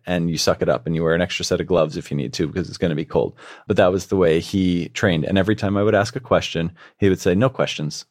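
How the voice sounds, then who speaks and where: Low-voiced man telling a story. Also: a little mellow, no room sound, clean studio sound. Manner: earnest, reflective, with repeated restarts. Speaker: guest. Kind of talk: storytelling in a podcast interview.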